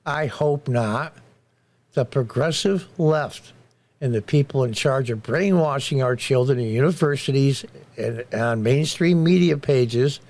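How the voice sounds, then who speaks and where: A man's voice: mid-range voice, darkish tone. A middle-aged man hosting a commentary show, delivering a blunt, indignant political monologue and repeating phrases for emphasis.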